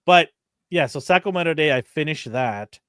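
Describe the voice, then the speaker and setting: A man co-hosting a casual chat show, telling lively stories and acting out what people said, laughing often. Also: on the high side, unhurried, smooth, no room sound, clean studio sound. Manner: animated storyteller, acts out quotes, laughs often. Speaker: co-host of a toy and anime show.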